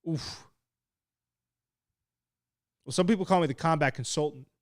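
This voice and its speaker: A young man casually commentating a live fight stream, excitable and swearing while he reads the chat. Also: on the high side, unhurried, dry recording, clean studio sound. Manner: excitable and laid-back, swearing, laughing at chat. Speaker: fight watch-along streamer.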